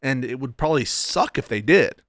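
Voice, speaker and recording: A man's voice: mid-range voice, animated, normal speed, fairly bright tone, no room sound, studio quality. A man giving casual political commentary, arguing emphatically with frequent restarts and tag questions.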